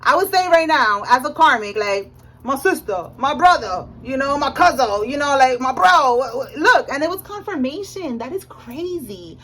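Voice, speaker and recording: A young woman giving a casual tarot reading, animated and slangy, often checking in with "all right?". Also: sits high, moderate pace, poor audio. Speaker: tarot reader.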